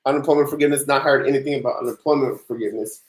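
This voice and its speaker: A man's voice: medium pitch, fairly even intonation, racing. A young man, hosting a casual tax Q&A livestream, laid-back and sleepy, chatting with viewers between answers. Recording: echoey room.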